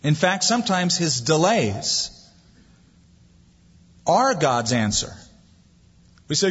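Lively preaching man, husky, echoing hall. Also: on the high side, a little slow, long pauses. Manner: lively preaching, acting out quoted voices. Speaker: pastor. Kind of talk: sermon. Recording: dull lo-fi sound, long hall reverb.

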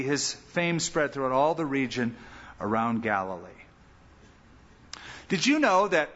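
A male pastor preaching a sermon with lively delivery, acting out the lines he quotes. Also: fairly high pitch. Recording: muffled sound with long hall reverb.

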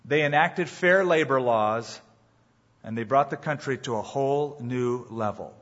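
A man's voice: mid-range voice, a little slow, a bit bright. A man preaching a sermon as a pastor in a church, emphatic and full of rhetorical questions to the congregation. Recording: dull, muffled live sermon recording.

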